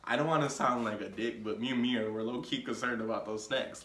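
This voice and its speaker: Young dude telling a story time, tons of likes and restarts, mid voice, roomy echo. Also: male voice, medium pitch, brisk, hardly any pauses, fairly bright tone, slight background noise. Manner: rambling, heavy on filler words and restarts. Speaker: vlogger. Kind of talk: casual storytelling.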